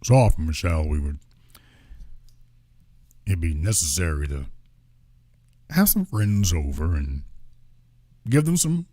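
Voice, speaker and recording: A man doing a mocking impression of a drowsy former president who speaks in a slow, low, halting way. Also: big pitch swings, dark tone, dry recording, studio quality, full character voice. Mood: languid.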